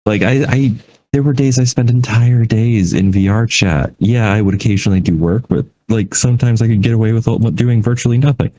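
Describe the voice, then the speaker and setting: A man co-hosts a podcast, chatting casually in a rambling, self-deprecating way and laughing often. His voice is low-pitched with a dark tone, and the audio is poor.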